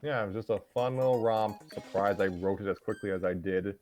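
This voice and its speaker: Low-voiced man rambling with music behind. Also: brisk. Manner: rambling, self-deprecating. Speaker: host and story writer. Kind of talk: casual livestream chat.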